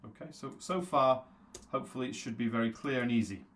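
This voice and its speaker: Man, English teacher, live online class, slow repeated pronunciation drills, answers chat comments by name, mid-pitched voice. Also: fairly bright tone. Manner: reads viewer names aloud from the chat and answers them.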